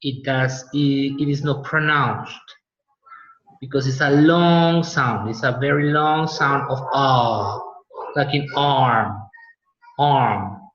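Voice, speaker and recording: A man's voice: mid-range voice, slow pace, a bit bright. Male teacher, echoey dull audio. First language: Spanish. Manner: explaining patiently, repeats words for pronunciation. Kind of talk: online class lecture.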